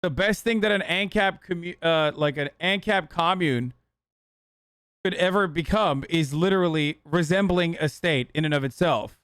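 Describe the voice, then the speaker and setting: A man's voice: on the high side, moderate pace, fairly bright tone, clear, resonant tone, no echo, studio quality. A young man casually reacting to a video, blunt and profane, swearing freely.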